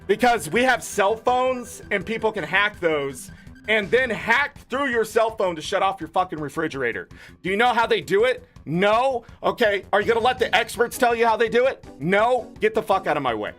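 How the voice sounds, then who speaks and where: A man's voice: high-pitched, expressive, normal speed, a bit bright, faint music behind. A man streaming a game, ranting in an angry, profane, heated way. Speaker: gaming streamer. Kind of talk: ranting commentary over a game.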